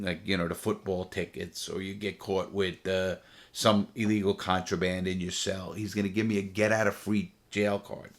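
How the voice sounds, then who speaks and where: A former prisoner with a low-sitting voice casually tells his own story to the camera. He rambles and repeats phrases for emphasis.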